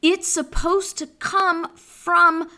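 An impassioned woman gives a podcast commentary monologue in a high, bright voice. She speaks slowly and preachily and often restarts her sentences. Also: flat delivery. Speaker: podcast host.

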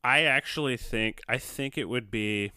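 A man's voice: medium pitch, unhurried, bright, forceful tone, clean tone, dry recording, studio quality. A man co-hosting a podcast, blunt and laughing often, swearing freely. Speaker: podcast co-host. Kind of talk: casual chat.

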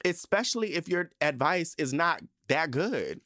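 A man's voice: fairly high pitch, animated, measured pace, bright, forceful tone, no echo, clean studio sound. A man hosting a podcast, ranting in a casual, sassy and profane way with lots of emphasis. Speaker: podcast host.

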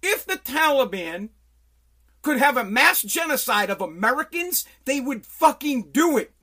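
A man hosting a podcast from his home basement, delivering an angry, profane political rant that bursts into shouting. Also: very high-pitched, very animated, unhurried. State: sweating. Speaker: podcast host.

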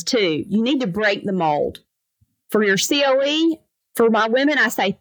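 Woman lawyer chatting on a podcast, lively storytelling, dry mic. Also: medium pitch, dry recording, low-quality recording. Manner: animated, fast anecdotes with lively quoted voices. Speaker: trucking lawyer, podcast guest. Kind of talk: casual storytelling interview.

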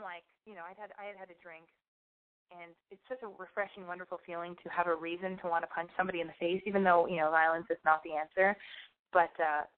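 Blunt, profane woman, voice going hoarse. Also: medium pitch. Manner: blunt, profane, rambling and animated. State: losing her voice. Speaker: storyteller. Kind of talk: casual anecdote monologue. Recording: tinny phone-like sound.

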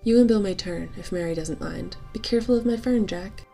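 A woman voicing a gentle young mother on a country walk, who speaks fondly and reassuringly to her family. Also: medium pitch, brisk, creaky, soft background music, natural voice. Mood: fond, cheerful. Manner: fond and reassuring.

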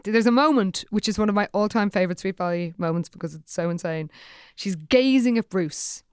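A woman's voice: mid-range voice, brisk, clear, resonant tone, no echo, clean studio sound. A woman co-hosting a book podcast, discussing and reading aloud with amused enthusiasm. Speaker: podcast co-host.

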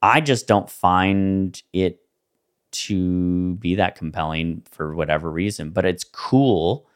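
A man's voice: low voice, slow, clean tone. A man co-hosting a podcast in casual, rambling chat, loose and full of fillers. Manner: laid-back, rambling with many fillers and laughs. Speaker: podcast co-host.

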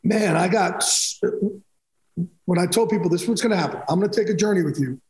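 A man's voice: sits high, fast talker, darkish tone, reverberant, rough recording. A man telling personal stories as a podcast guest, emphatic and rambling, restarting sentences often. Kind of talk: candid storytelling in a podcast interview.

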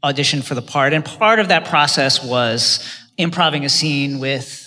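A co-host asks casual, curious questions at a live podcast taping. The voice is bright and forward. The hall adds a long reverb. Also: mid-range voice, moderate pace. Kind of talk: live stage interview. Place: stage at a convention hall.

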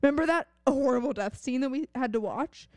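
A young woman co-hosting a podcast in casual chat, an animated storyteller who swears casually. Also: high voice, fairly quick, no echo, soft background music. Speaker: podcast co-host.

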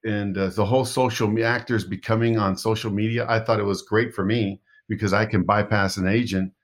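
A man's voice: fairly low pitch, steady tone, a little fast. A middle-aged man, an actor, telling rambling anecdotes in a casual interview, often restarting his sentences. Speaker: actor guest.

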